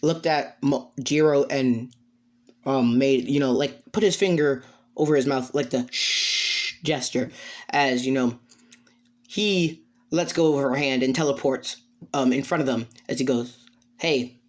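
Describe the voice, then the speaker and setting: A man improvising fan-fiction narration, halting and rambling with many restarts. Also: mid-range voice. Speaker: storyteller.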